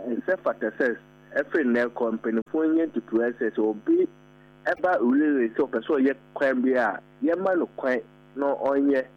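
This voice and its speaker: A man calling into a radio phone-in, making an earnest, formal appeal. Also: mid-range voice. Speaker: caller. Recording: dull phone line.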